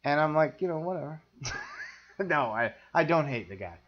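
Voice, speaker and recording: A man's voice: on the high side, animated, moderate pace, dull audio. A man co-hosting a casual film discussion podcast, wry, opinionated and teasing. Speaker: podcast co-host.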